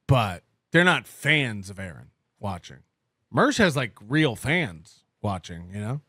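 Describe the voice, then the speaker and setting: A man's voice: a little high, very animated, measured pace, a bit bright, no room sound, clean studio sound. A man co-hosting a podcast, talking in a sarcastic, mocking way and laughing often. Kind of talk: casual podcast commentary.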